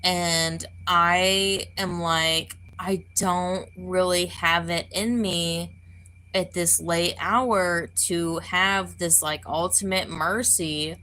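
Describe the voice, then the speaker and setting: Woman, vlogger, unscripted profane rant, slow delivery, bright edgy tone, lots of "like" fillers. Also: fairly low pitch, fairly even intonation, rough recording. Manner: profane, heated, full of "like" fillers. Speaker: spiritual advisor.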